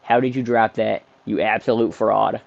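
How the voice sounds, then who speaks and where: A man doing let's-play commentary on a football video game, excitable, trash-talking the game and bursting into shouts. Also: lowish voice, moderate pace, gravelly. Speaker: gaming streamer. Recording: dull lo-fi dry mic.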